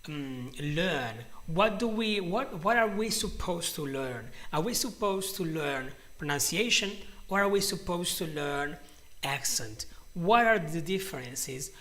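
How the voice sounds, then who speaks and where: A man's voice: a little high, expressive, takes it slowly, fairly bright tone. A young man teaching a live-streamed English lesson, greeting viewers in a chatty way and often restarting his sentences.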